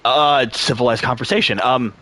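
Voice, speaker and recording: A young man and gaming channel host telling a long personal story in a casual, animated way, swearing freely, laughing often and acting out the people he quotes. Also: medium pitch, moderate pace.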